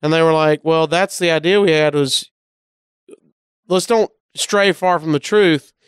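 A comedian from Alabama with a Southern accent, telling a story casually and acting out the voices of the people in it. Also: male voice, fairly high pitch, unhurried, smooth, no room sound, studio quality. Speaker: comedian guest.

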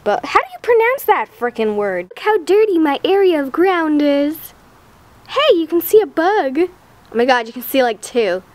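A bubbly woman with a bright, high voice chats her way through a casual vlog outside on the grass. She gushes and exclaims at everything around her, quick to squeal at small surprises. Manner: bubbly, giggly, lots of excited exclamations. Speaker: vlogger on a shared channel. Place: outdoors in sunlight on grass.

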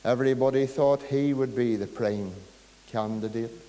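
A man's voice: medium pitch, fairly even intonation, moderate pace, mellow. A male pastor with a Northern Irish accent preaching a sermon, telling a story and pleading with his listeners. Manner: storytelling, builds to fervent pleading. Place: church. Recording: long hall reverb.

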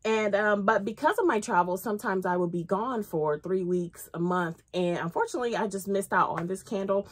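A woman in her thirties chatting casually as she reviews a candle, excitable and full of ums. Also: medium pitch, brisk, hardly any pauses. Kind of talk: casual chat.

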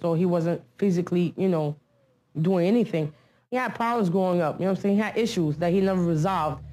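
A woman's voice: lowish voice, quick pace, dark tone. Young woman, slangy, rambling documentary interviewee. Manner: street slang, loose storytelling.

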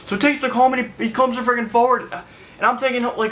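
High, bright-voiced man ranting angrily. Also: fairly even intonation, fast talker, slight background noise. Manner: angry, profane, rambling rant. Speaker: vlogger. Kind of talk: ranting storytelling to camera.

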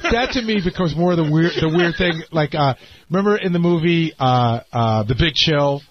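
A man in casual radio studio banter, talking in rapid bursts with halting restarts. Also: fairly high pitch, animated. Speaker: radio show producer. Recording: dull muffled radio broadcast.

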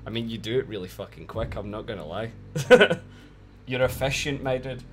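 A man's voice: medium pitch, moderate pace, a bit bright, faint music behind. A young man chatting casually on a live game stream, laughing often and swearing freely.

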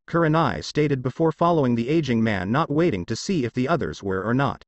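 A man reads fan fiction aloud, steady and plain, though his pitch moves a lot. The sound is dry and close to the mic. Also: fairly quick, dry recording, dull audio. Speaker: narrator.

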